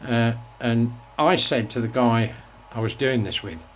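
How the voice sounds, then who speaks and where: A man's voice: medium pitch, unhurried, slight background noise. Rambling man in his sixties. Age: 60s. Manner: rambling, reflective storytelling with restarts. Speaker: host. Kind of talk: casual reminiscing monologue.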